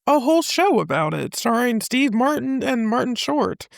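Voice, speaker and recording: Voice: medium pitch, sing-song, moderate pace, vocal fry, no echo, clean studio sound. A podcast co-host dropping teasing interjections and laughing during a casual film review chat over a remote call.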